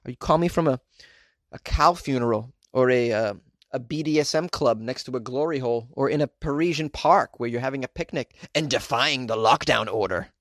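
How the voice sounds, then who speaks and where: Male podcast host, mid-pitch, joking and rambling, laughs a lot, dry close-mic sound. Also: fairly quick, a bit bright, dry recording. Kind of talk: casual podcast monologue.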